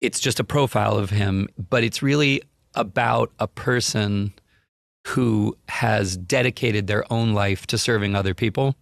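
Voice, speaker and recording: An unhurried male guest on a talk show, his low voice marked by vocal fry, animatedly relates a vivid podcast anecdote while acting out the people in it. The recording is dry and studio quality.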